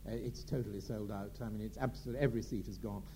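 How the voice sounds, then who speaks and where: A man voicing an apologetic, fussy box office clerk in a low, hushed voice. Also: steady tone, fast, breathy edge.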